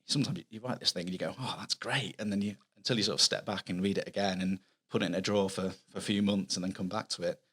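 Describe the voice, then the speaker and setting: Fast-talking Mancunian man, low voice. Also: steady tone, a bit bright, husky. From Manchester, England. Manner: chatty, earnest, explains at length with restarts. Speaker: children's author guest. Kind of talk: casual podcast interview.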